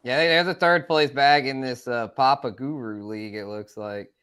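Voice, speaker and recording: A man in casual chat on a stream, telling stories in a relaxed, chatty way. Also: mid-range voice, normal speed, clear, resonant tone. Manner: easygoing storyteller, relaxed and chatty. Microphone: streaming call mic.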